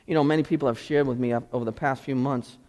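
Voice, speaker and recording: A pastor preaching a sermon with passion, moving between pleading cries and hushed intensity. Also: male voice, medium pitch, fairly even intonation, quick pace. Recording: long hall reverb.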